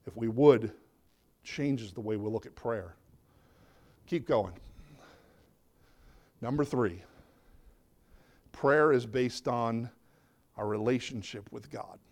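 A middle-aged man preaching a conversational sermon as pastor, dropping his voice low and quiet to drive points home. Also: takes it slowly, pauses often.

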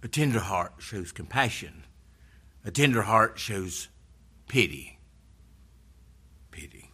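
A man's voice: on the low side, animated, measured pace, bright, forceful tone, husky. A man preaching a sermon in an earnest, conversational way, retelling scripture stories.

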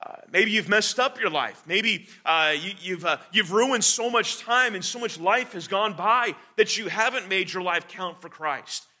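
A man preaching a sermon, earnest and halting, with many fillers and restarts. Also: high-pitched, lively intonation, sharp tone.

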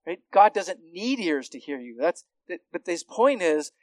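A man's voice: high-pitched, big pitch swings, measured pace, no room sound. A man teaching through a psalm verse by verse, talking conversationally with frequent restarts and tag questions. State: hard of hearing. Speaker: Bible teacher. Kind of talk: expository Bible teaching.

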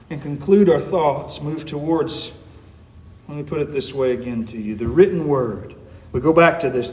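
A man's voice: a little high, echoey room. A man preaching a sermon in a church, earnest and emphatic, asking his listeners rhetorical questions.

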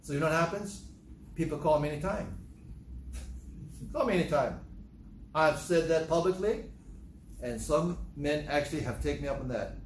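Pastor, male, emotional sermon with repeated phrases and raised outbursts, slightly high voice, echoey church room. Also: fairly quick, slight background noise.

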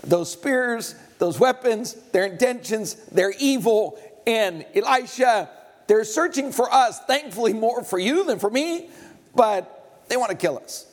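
A man with a high-pitched voice preaches a sermon. He retells a scripture story in everyday words, slips in humorous asides and acts out the characters' lines. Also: expressive, a little slow.

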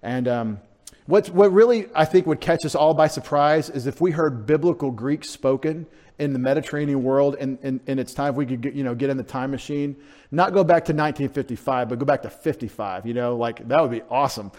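A male pastor preaching a sermon, animated and conversational, swinging from loud emphasis to quiet asides, sounding out Greek words and dropping in joking remarks. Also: mid-range voice, fairly quick.

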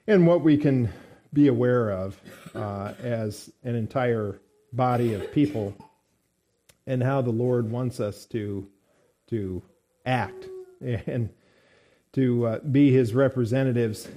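A man preaching a morning sermon, speaking in a measured, halting way with frequent fillers. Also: mid-range voice, dark tone.

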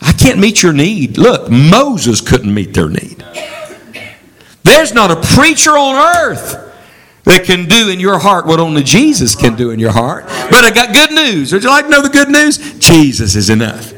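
A man's voice: normal speed, low-quality recording. A man preaching a sermon as a traveling preacher, leading the congregation in call-and-response. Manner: animated, swooping pitch for emphasis.

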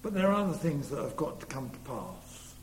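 A man's voice: on the high side, very animated, brisk. A man preaching a sermon earnestly, leaning hard on key words. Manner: earnest, rising to emphatic stresses. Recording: long reverb in a hall, faint hum.

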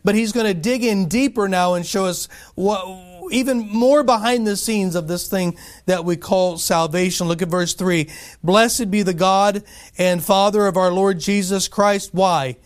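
Male pastor, high voice, emphatic sermon delivery with rhetorical questions and slow stressed scripture phrases. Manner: emphatic, asks and answers his own questions.

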